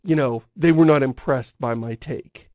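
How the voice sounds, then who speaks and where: A man's voice: mid-range voice, moderate pace, darkish tone, dry recording, muffled recording. An American man co-hosting a podcast, chatting casually and playfully about doing character voices. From United States. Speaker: podcast co-host. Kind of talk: casual chat.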